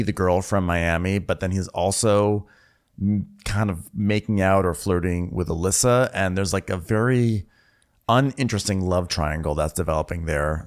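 Low-voiced man in lively casual chat. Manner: chatty, jokey, puts on mock voices for comic bits. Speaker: podcast co-host.

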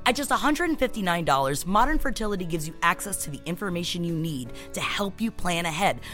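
A woman's voice: fairly low pitch, fast, faint music behind. Brash woman reading a comic ad. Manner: brash, lively, comic self-deprecating. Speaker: podcast co-host. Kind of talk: casual chat and host-read ad.

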